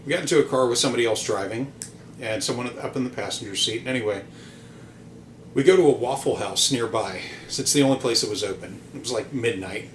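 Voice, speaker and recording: A man's voice: medium pitch, fast, a bit bright, a little hiss or hum. A man hosting a podcast, telling a casual story in a rambling, hesitant way, full of ums and restarts, with some casual swearing. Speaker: podcast host.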